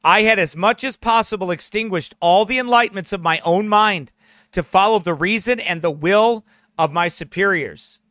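A man's voice: high-pitched, moderate pace, pushed and bright, no echo, clean studio sound. A man who is a pastor, preaching a sermon in an earnest, emphatic way and reading aloud from a memoir.

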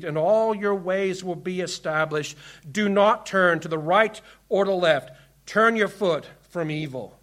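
High-voiced man preaching with emphasis. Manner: emphatic, swinging between loud commands and hushed asides. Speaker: pastor. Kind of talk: sermon.

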